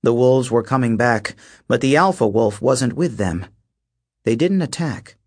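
A man narrating an audiobook in a steady, measured storytelling voice. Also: medium pitch, husky. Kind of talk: scripted narration.

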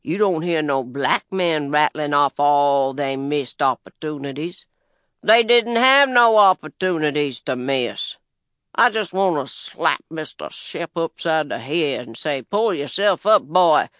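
Slow, smooth-voiced Southern US male narrator. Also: a little high, lively intonation, fairly bright tone, dry recording, studio quality. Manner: unhurried, plainspoken, wry storytelling in dialect. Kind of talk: first-person audiobook narration.

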